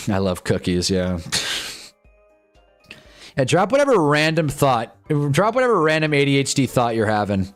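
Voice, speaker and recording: With a fairly high voice, lively intonation, and normal speed, a young man hosts a live stream reacting to a football game. His fan commentary is wry, exasperated, and rambling, sliding into casual talk as faint music plays.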